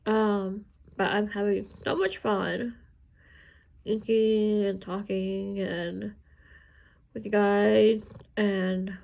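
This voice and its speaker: A woman chatting casually with viewers while she inks a drawing, rambling and chatty, with a high squeaky voice. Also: flat delivery, extremely slow, gravelly, long pauses, a little mellow. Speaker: art channel host.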